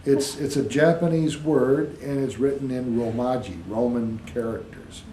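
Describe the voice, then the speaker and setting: A man talks in a patient, teacherly way, often spelling words out letter by letter. His voice is mellow and relaxed. The recording sits in an echoey room with a faint hiss behind it. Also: medium pitch, measured pace. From United States. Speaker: interviewee. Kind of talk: casual explanatory interview.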